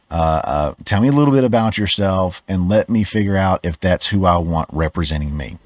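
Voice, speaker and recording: A man's voice: low-pitched, dry recording, studio quality. A Southern US man hosting a podcast, giving opinionated commentary in a conversational way, often restarting his words. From Georgia, US. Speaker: podcast host.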